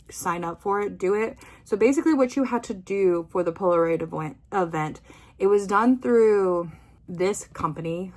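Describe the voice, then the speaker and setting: A young adult woman vlogging in a casual, rambling way with many fillers. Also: medium pitch. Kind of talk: casual chat.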